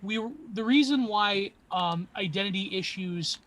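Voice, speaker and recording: A man's voice: sits high, unhurried, fairly bright tone, slight background noise. A man in a casual discussion, theorizing at length in wordy terms.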